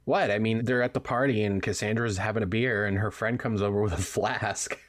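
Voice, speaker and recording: A man's voice: on the low side, fairly even intonation, fairly quick, dry recording, studio quality. A young man co-hosting a podcast, casually reviewing a horror film in a laid-back, agreeable way. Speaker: podcast co-host.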